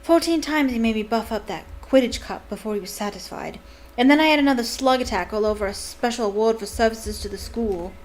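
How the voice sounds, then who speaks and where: A woman's voice: a little high, brisk, a little hiss or hum, natural voice. A woman voicing a tired teenage boy wizard who groans and complains. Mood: grumbling.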